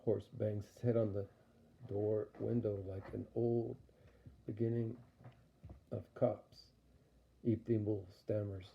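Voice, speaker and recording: A man's voice: fairly low pitch, level tone, takes it slowly, creaky, pauses often, a little hiss or hum. A man narrating an audio story in a rambling, playful way. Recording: dull lo-fi recording.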